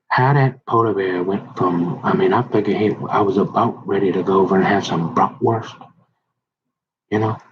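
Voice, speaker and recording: Man, lower voice, unhurried rambling monologue, folksy and wandering; dull lo-fi sound. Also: husky. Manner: slow, meandering, trailing asides, folksy. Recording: dull lo-fi recording.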